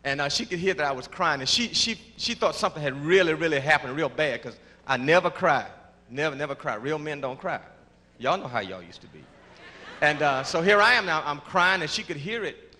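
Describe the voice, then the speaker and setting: A man giving his church testimony, halting and repeating words, then rising into shouts of praise. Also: on the high side, expressive. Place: large church before a congregation. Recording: reverberant church hall with congregation.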